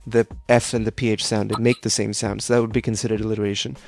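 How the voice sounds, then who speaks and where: Gravelly young man tutoring. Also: lowish voice, flat delivery, fast, no room sound, soft background music. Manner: explanatory, tags most sentences with "right?". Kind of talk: casual one-on-one tutoring. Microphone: video call.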